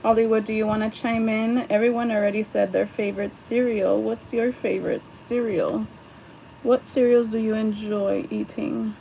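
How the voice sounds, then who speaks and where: A woman's voice: a little high, little pitch movement, moderate pace, creaky, mellow, slight background noise, low-quality recording. A young woman chatting casually on a livestream while she does her makeup at home, rambling, laughing often and swearing. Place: home, at a vanity mirror.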